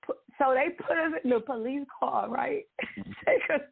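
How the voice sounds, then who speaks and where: Animated woman on a tinny line. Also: high-pitched, measured pace, vocal fry, slightly rough. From Dallas, Texas. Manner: animated, laughing often, dramatic exclamations. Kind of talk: casual storytelling. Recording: tinny phone-like sound.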